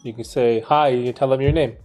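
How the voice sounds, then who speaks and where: A man hosting a casual livestream, laid-back and playful with slangy banter, gentle when he talks to young children. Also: medium pitch, steady tone, fairly quick, soft background music. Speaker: livestream host.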